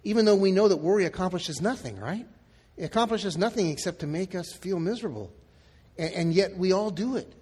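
Husky man preaching in a reverberant hall. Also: high-pitched, animated, a little fast, darkish tone. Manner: conversational, acts out quotes in dialogue. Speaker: pastor. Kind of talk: sermon.

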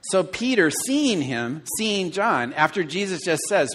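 A middle-aged man preaching a sermon to his church, telling stories with animated, acted-out inner dialogue. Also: sits high, unhurried, hardly any pauses, a little hiss or hum. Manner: animated storytelling, acting out his own inner voice. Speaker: pastor.

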